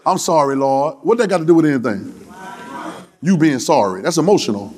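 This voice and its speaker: High-voiced preacher calling to his congregation. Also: fairly quick, a faint crowd. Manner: call-and-response, lively and joking with the congregation; breaks into shouts and sung phrases. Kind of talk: sermon.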